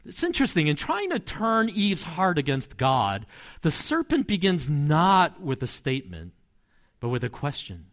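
A man's voice: fairly high pitch, wildly swooping pitch, measured pace, a bit bright. A man, a pastor, preaching a sermon in a conversational, storytelling way with asides and light chuckles.

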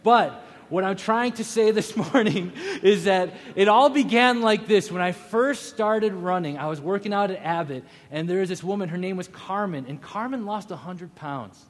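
A man in his thirties preaching a sermon, telling a personal story with animated, acted-out quotes. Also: high voice, moderate pace, few pauses, in a large hall. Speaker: pastor.

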